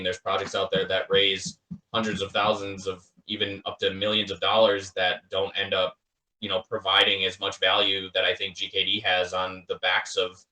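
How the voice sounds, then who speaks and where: Podcast guest, man, low bright voice, enthusiastic rambler, echoey distant call audio. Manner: rambling, enthusiastic, casual swearing. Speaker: guest, project founder. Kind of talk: casual podcast chat. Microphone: voice call, headset.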